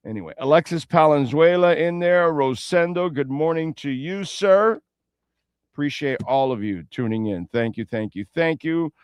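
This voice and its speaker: A man's voice: on the high side, animated, normal speed, clean tone, no echo. A man hosting a sports radio show in a casual, rambling way, with playful asides and betting talk. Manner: reads sponsor ads and betting lines.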